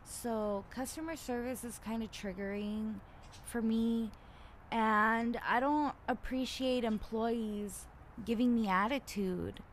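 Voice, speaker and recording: A woman's voice: a little high, steady tone, slow, a little hiss or hum. Blunt, profane woman ranting casually. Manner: blunt, profane, rambling with many fillers; grows loud and indignant when retelling conflicts. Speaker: podcaster.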